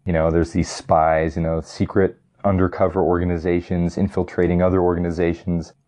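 Young adult male, casual fan commentary, low mellow voice, rambling and eager, lots of "like" and "you know". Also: completely flat delivery, brisk. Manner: rambling and enthusiastic, many fillers and restarts. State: getting tired. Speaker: vlogger ranking movies. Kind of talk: casual chat.

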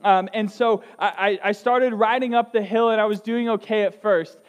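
A man's voice: high voice, fairly even intonation, moderate pace, clean tone, lo-fi sound. A young man preaching a sermon as a student pastor, telling a story in a conversational way with frequent restarts. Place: church hall. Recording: long reverb of a large hall.

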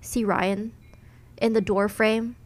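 A young woman tells a ghost story on a podcast, talking casually and loosely, with plenty of fillers. Her voice sits at an ordinary middle pitch. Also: level tone, takes it slowly. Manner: chatty retelling full of "like" and "you know". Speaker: podcast co-host.

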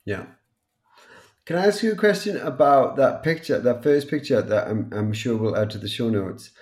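A man from North East England with a Newcastle accent, co-hosting a casual podcast and talking in a blunt, relaxed way. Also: mid-range voice, normal speed. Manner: relaxed, blunt, swears and laughs easily. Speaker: podcast co-host.

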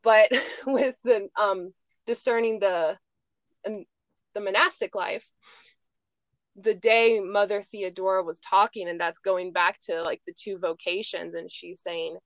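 A woman's voice: mid-range voice, takes it slowly, dry recording. A young woman hosting a podcast, telling a personal story in casual chat, full of "like" and "I'm just like". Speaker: podcast host.

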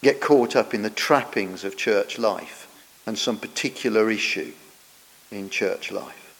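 A man preaching a sermon, earnest and explanatory, often trailing off softer at the ends of phrases. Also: on the low side, unhurried, gravelly. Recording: long church reverb.

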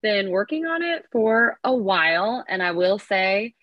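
A woman from California, a fitness coach guest on a podcast, talking in a lively, upbeat way as she thinks her ideas through aloud. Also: mid-range voice, measured pace, no echo, muffled recording. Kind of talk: casual podcast interview.

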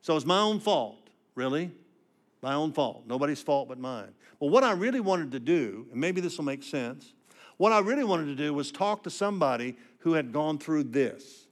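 An older male preacher delivers a personal sermon with a slightly high voice. He tells his story with raw feeling, dropping to a hush for heavy moments and rising emphatically for his points. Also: animated, moderate pace. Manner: emotional storytelling, dramatic swings from hushed to emphatic.

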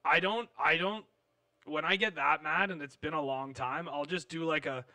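A man's voice: a little high, moderate pace, pushed and bright, no echo. A man co-hosting a podcast in casual chat, loose, joking and rambling. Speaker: podcast co-host.

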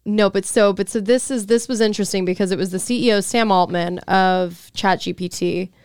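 Smooth-voiced woman, blunt and profane. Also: mid-range voice, a little fast, dry recording, studio quality. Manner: blunt, profane, animated storyteller. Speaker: podcast host and comedian. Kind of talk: casual podcast chat.

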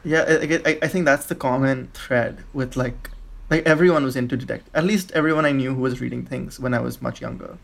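A young man from India, a podcast guest, talking in a relaxed, halting way with many likes and restarts. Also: medium pitch, vocal fry. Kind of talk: casual conversation.

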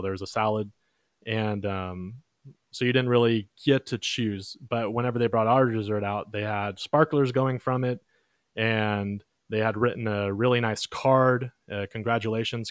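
A young man hosting a podcast, casually telling a long story in a relaxed, chatty way and lifting his voice when he quotes others. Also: on the low side, smooth, no room sound, studio quality. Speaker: podcast host.

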